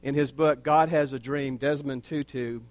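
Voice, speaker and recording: A pastor delivering a sermon in a slow, earnest way, with wry asides. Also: male voice, medium pitch, fairly even intonation, a little mellow, no echo.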